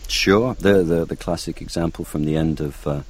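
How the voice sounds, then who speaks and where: A man's voice: low voice, moderate pace. A man, an actor and voice coach, telling anecdotes in an interview with a hesitant, stop-start delivery. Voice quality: gravelly, hesitant with fillers.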